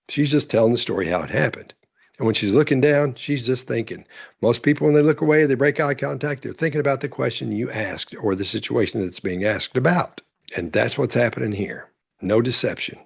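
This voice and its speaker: A man's voice: medium pitch, gravelly, husky. A man commenting on courtroom testimony as a body language analyst, explaining in an instructive way. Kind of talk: commentary over courtroom clips.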